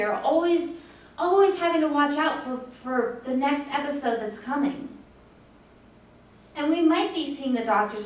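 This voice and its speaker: High-voiced woman presenter in echoey room. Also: recorded from a distance, a little hiss or hum. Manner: earnest, acts out shouted lines in a story. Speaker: suicide prevention presenter. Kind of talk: presentation with storytelling. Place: large echoey room with audience.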